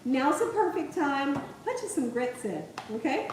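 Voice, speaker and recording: A woman's voice: high voice, very animated, a little slow, darkish tone, slight background noise. A young woman hosting a live cooking stream from her home kitchen, chatting, laughing often and reading viewers' comments aloud. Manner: chatty, laughs often, says okay a lot. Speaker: cooking channel host. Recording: echoey kitchen, mic far off.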